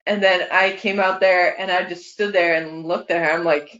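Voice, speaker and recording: In an echoey room with a dull recording, a woman with a lowish, slightly bright voice speaks at normal speed with fairly even intonation. She shares funny family memories with her mother in a casual storytelling manner, laughing frequently.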